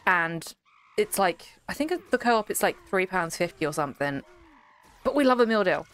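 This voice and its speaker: A woman's voice: lowish voice, sing-song, moderate pace, a bit bright. A young woman streaming, chatting casually with her live chat in a rambling, giggly way.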